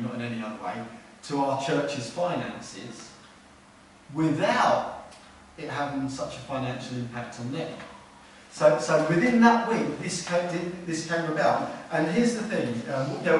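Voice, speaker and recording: A man preaches to his congregation, earnest and conversational, leaning on repeated words to drive a point home. His voice sits a touch high for a man and sounds set back from the mic. It rings around a very echoey hall, with a faint hiss underneath. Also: distant mic. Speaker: pastor. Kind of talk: sermon. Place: church hall.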